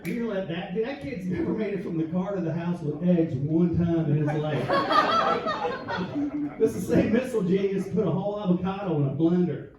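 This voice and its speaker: A man's voice: high voice, brisk, far from the mic. Man doing stand-up in a club. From American South. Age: middle-aged. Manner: storytelling, punchy delivery with comic voices. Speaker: stand-up comedian. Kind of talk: stand-up comedy set. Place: comedy club stage. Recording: echoey club with crowd noise, lo-fi. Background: audience laughter.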